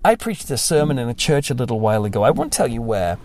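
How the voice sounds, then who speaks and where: A man's voice: medium pitch, sing-song, fast, darkish tone, faint music behind. A young man, a pastor, talking casually and reflectively, self-deprecating and sometimes mimicking other voices.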